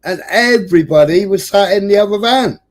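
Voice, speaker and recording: A man's voice: sits high, brisk. A man from England hosting a livestream, telling a long story in casual chat, swearing constantly and acting out the voices of people in it. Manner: sweary, lively, acts out quoted voices. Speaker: livestream host.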